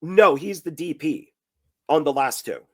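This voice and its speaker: Guy on a movie podcast, quick factual answers, bouncy kinda high voice. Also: lively intonation, fairly bright tone. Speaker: co-host reviewing films. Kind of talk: casual chat review.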